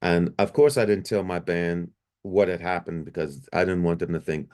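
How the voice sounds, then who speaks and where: A middle-aged man recounting his near-death experience in a lively, repetitive storytelling way, restarting sentences often. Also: normal speed, few pauses. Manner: animated, jumps higher when quoting himself; repeats himself, restarts often. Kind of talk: personal storytelling.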